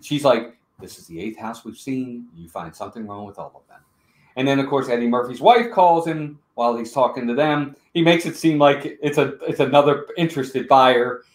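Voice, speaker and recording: A man's voice: mid-range voice, normal speed, reverberant. A man co-hosting a live-streamed movie review, chatting and greeting viewers in the chat. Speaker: podcast co-host.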